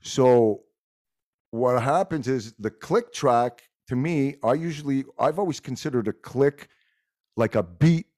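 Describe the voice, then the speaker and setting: A middle-aged man with a Montreal accent whose first language is French, talking in a casual chat, animated and swearing freely. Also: mid-range voice, measured pace. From Montreal, Quebec. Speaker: guest musician.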